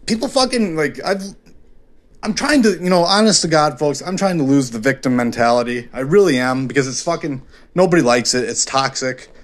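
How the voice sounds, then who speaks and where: A man's voice: on the high side, brisk. A man hosting his own podcast, talking alone in a frank, rambling way with constant swearing and fillers, often mocking himself. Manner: self-deprecating and frank. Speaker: podcast host. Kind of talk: confessional solo podcast monologue.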